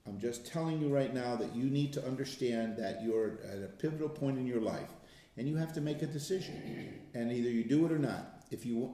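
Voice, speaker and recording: A man's voice: medium pitch, mellow. An older man leading an informal Bible study, telling stories in a conversational way and laughing often. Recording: very echoey room.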